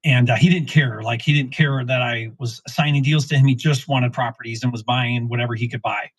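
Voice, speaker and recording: A middle-aged man telling a real estate story in casual lesson form, acting out the dialogue with lively restarts. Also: mid-range voice, a little fast, husky, dry recording, low-quality recording. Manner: animated, acts out quoted dialogue, frequent restarts. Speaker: real estate investor teaching wholesaling.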